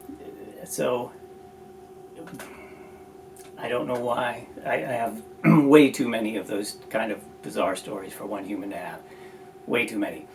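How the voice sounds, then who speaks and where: A man's voice: medium pitch, gravelly. A man, a playwright guest, telling a story in a reflective, thoughtful way. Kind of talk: casual conversation. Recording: distant mic with noise.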